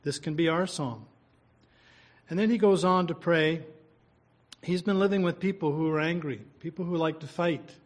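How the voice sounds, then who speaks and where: A man with a slightly high voice preaches a sermon, reading scripture and praying. He poses rhetorical questions to his listeners in an earnest, conversational manner.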